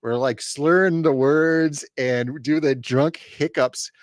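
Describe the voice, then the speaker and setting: A man's voice: on the high side, steady tone, slow pace, dry recording, studio quality. A man co-hosting a casual chat, telling stories and anecdotes in an office. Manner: storytelling, mimics drunk voices in anecdotes. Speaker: co-host of comics channel.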